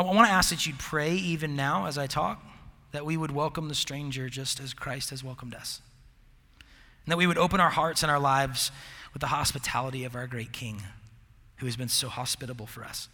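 A man's voice: on the high side, pushed and bright. A young man preaching a casual sermon to a college group, rambling with fillers and laughing at himself. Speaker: campus ministry preacher. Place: large hall with live audience. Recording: long hall reverb.

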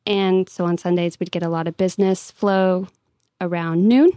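A woman co-host telling stories about waitressing in a quick, chatty way, giggling now and then. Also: lowish voice, fairly even intonation, warm tone, clear, resonant tone, no echo, studio quality. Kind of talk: casual chat.

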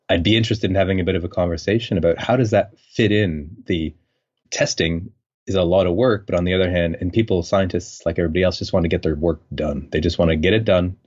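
Deep-voiced man on dull lo-fi audio. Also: a little mellow. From French Canada. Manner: thoughtful, rambling, frequent fillers. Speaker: scientist guest. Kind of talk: conversational interview.

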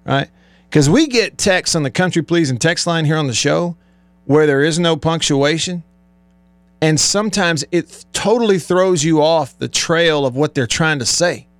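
Chatty higher-voiced male radio host. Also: moderate pace, dry recording. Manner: chatty, rambling, laughs often. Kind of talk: casual on-air banter. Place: radio studio.

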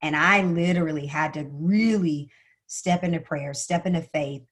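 A woman's voice: sits low, normal speed. Earnest woman telling her story. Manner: earnest, animated, often addressing the host by name. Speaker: podcast guest, sales coach. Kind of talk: personal storytelling in conversation.

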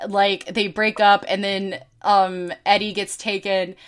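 A woman's voice: medium pitch, level tone, slow. Woman cohost laughing and cussing thru a movie recap, does the character lines. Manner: giggly, swears a lot, acts out movie lines. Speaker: podcast co-host. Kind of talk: casual chat.

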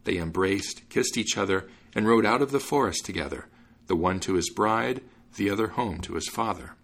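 A man hosting a podcast and reading a fairy tale aloud in an expressive, measured way. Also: on the low side, creaky. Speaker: podcast host and narrator.

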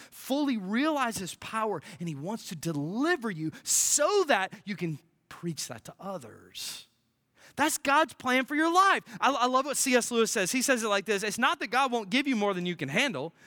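A pastor preaching a sermon, swinging from emphatic declarations to hushed near-whispers and repeating key phrases. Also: medium pitch, dry recording, clean studio sound.

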